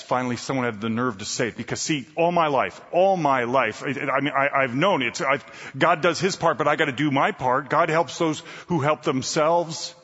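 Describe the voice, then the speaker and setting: A bright-voiced man tells a sermon as a story, moving from loud, excited bursts to quiet, hushed asides. His voice rings through a big hall with long reverb. The sound is a little dull. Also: mid-range voice, breathy edge. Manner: dramatic, swings between loud and hushed. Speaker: preacher.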